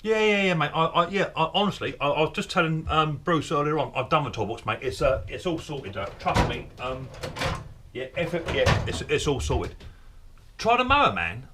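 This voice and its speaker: A man's voice: a little high, moderate pace, background noise. A man hosting a comic skit, chatting on the phone with friendly slang and stammering excuses. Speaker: mower repair channel host.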